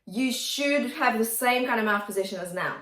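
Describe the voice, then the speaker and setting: A woman vocal coach talks students through a pop song, her voice lively and swooping as she slips into high sung demonstrations. She coaches in an encouraging, instructive way, and the room around her adds a noticeable echo. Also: normal speed, distant mic. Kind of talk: singing lesson with sung demonstrations.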